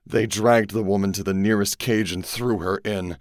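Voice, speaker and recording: Deep-voiced male narrator, grave and measured, dry close read. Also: darkish tone, no room sound. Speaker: audiobook narrator. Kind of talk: first-person scripted narration.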